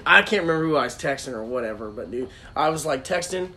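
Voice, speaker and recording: Animated young man telling a story. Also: on the high side, a little fast, slight background noise. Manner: animated, laughing, profane storytelling. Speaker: podcast co-host. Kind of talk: casual storytelling.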